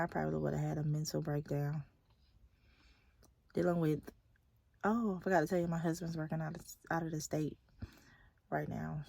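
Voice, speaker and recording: A young nurse and vlogger talks casually and candidly at a kids' sports game, dropping to a whisper at times. Her low voice is creaky and darkish, with no echo.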